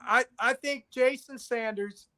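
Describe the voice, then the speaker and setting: A man's voice: extremely high pitch, measured pace, sharp tone. A man co-hosting a casual sports podcast, who speaks emphatically and often repeats his points. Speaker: podcast co-host.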